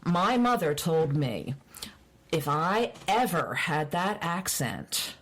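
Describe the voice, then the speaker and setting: A woman's voice: sits low, very animated, slow pace. A woman from Baltimore, a music journalist and podcast guest, chatting and reminiscing in a casual way with frequent restarts. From Baltimore, Maryland. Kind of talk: casual conversation.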